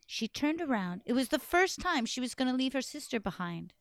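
A woman telling a folk tale to an audience in an expressive, playful way, with dramatic pauses. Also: high voice, dry recording, studio quality. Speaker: storyteller. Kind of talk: animated storytelling to an audience.

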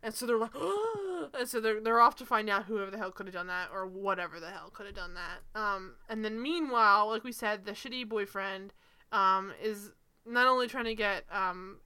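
Bright animated woman recapping a show. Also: mid-range voice, moderate pace, smooth. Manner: animated, sarcastic, swears, laughs often. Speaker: podcast co-host. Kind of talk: casual TV recap chat.

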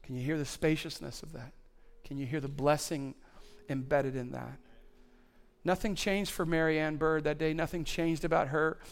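A man preaching a sermon as pastor, building his points through repetition until he is nearly shouting. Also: a little high, steady tone, normal speed. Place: church auditorium on stage.

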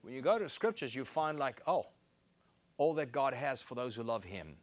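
A man's voice: very animated, normal speed. A man preaching a sermon, reading scripture and repeating key phrases for emphasis. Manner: emphatic, repeats key phrases, rises in pitch to stress points.

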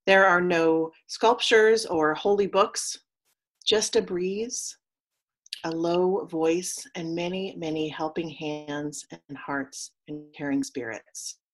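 A lower-pitched woman delivers a sermon as a story, speaking softly and slowly. Her tone is solemn, and she invites the listeners to repeat phrases back to her. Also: steady tone. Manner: soft, slow, solemn delivery. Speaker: minister.

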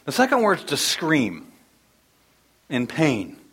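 A middle-aged man delivers a sermon in a fairly high voice, telling stories with lively energy. At times he drops almost to a whisper to press a point home. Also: slow pace, breathy edge. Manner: storytelling, animated, drops to near whisper for emphasis. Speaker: pastor.

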